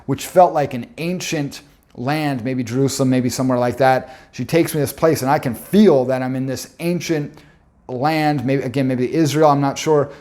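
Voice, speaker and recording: A man's voice: mid-range voice, fairly even intonation, moderate pace, darkish tone. A young man telling a personal story in an earnest, intense way, often stopping to restart his words.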